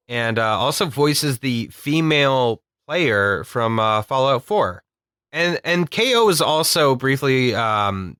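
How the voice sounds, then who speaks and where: A man's voice: mid-range voice, pushed and bright, clear, resonant tone, no echo, studio quality. A man co-hosting a cartoon podcast, chatting casually with a jokey, rambling manner and frequent laughs. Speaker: podcast co-host. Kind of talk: casual chat.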